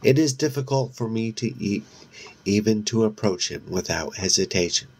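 A man reading a novel aloud as narrator, in a measured, steady way with occasional slips. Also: lowish voice. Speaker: audiobook narrator.

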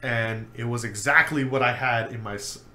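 A man's voice: mid-range voice, normal speed, a crowd in the background. A young man co-hosting a podcast, telling a school story in casual chat and acting out the quoted lines with a lot of energy. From New York. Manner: animated storyteller who acts out quoted lines. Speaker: podcast co-host. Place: home room. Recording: echoey room with faint ambient noise.

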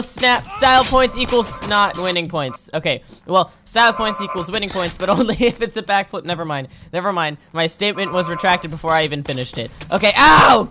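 A gamer host giving let's play commentary, excitable, yelping and laughing at deaths and talking to the characters on screen. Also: medium pitch. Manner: playful, talks to the game characters. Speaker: gaming channel host.

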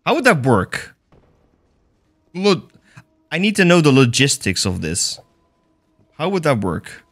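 A man's voice: a little high, sing-song, slow. A man streaming a game, casually commentating in a playful, self-mocking way with swearing.

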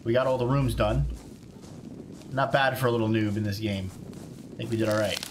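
A man from South Carolina streaming a survival game live, chatting excitedly and greeting viewers by name. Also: lowish voice, fairly quick, noisy background. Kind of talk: casual live game commentary.

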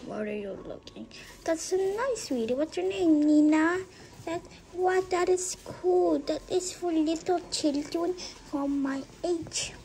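A woman acting out a family pretend play, moving between soft whispers and excited high calls. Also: slow pace, slight background noise, low-quality recording.

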